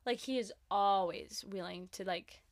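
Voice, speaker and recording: Young woman, podcast host, bubbly and gushing, casual faith chat, mid-pitched voice, dry close sound. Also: unhurried, no room sound. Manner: bubbly and effusive, many "like"s and gushing praise.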